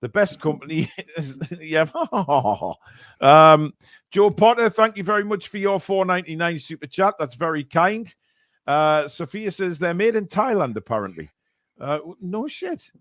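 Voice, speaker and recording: A man with a fairly high, slightly bright voice hosts a charity live stream in a casual chat, very animated yet measured in pace. He reads out donations and super chats with mock outrage, laughing at the cheeky comments, and there's no room sound.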